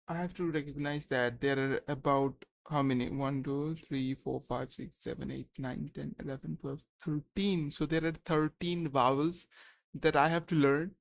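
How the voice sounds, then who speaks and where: A young man on a live study stream, thinking aloud and slowly sounding out syllables, pausing to check himself. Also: a little high, fairly even intonation, creaky. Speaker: language learner streaming study session.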